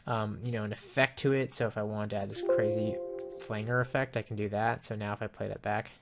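Low-voiced man walking through software. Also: a little fast, vocal fry, music in the background. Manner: relaxed, explanatory, with frequent ums and you-knows. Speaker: software reviewer. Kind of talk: casual screen-recorded software walkthrough. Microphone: desktop microphone with headphones.

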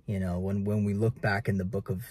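A man's voice: lowish voice, level tone, fairly quick, darkish tone, breathy edge. A man in his twenties preaching earnestly to camera in casual talk, keeps calling viewers guys. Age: 20s. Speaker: realtor vlogger.

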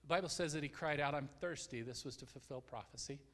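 A male guest preacher giving an earnest sermon in a church, dropping to a hushed voice at solemn points. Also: fairly high pitch, quick pace. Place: church sanctuary. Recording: long hall reverb.

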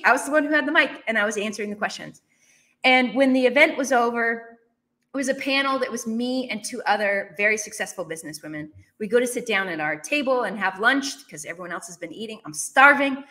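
A woman telling a personal story in a conversational interview, with animated, emphatic delivery. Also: a little high. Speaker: guest. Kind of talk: storytelling in a podcast chat.

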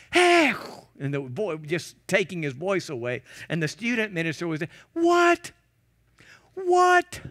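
Animated preaching man, slightly high voice. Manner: animated preaching, acting out quoted prayers and shouts. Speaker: guest pastor. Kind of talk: sermon. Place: church.

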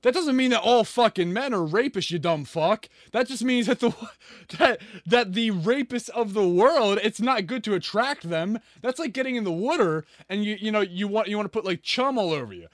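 A man's voice: high voice, animated, moderate pace, no room sound, studio quality. A man ranting sarcastically and profanely as he reacts to a video. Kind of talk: ranting commentary.

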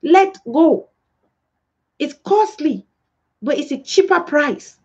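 High-voiced woman preaching emphatically. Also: lively intonation, slow pace. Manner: emphatic preaching with rhetorical questions and acted-out quotes. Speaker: pastor. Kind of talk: sermon. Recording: dull lo-fi recording.

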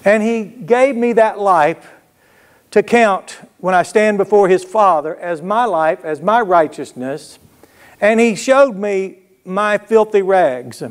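A man's voice: high-pitched, slow, clean tone. A man preaching a sermon, telling folksy stories and throwing call-and-response asides to the congregation. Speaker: pastor.

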